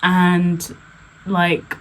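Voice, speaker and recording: A woman's voice: fairly low pitch, monotone, very slow, low-quality recording. A woman blogger and poet talking casually on a vlog, chatty and full of "like" and "um" fillers. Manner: chatty, heavy use of "like" and "um" fillers.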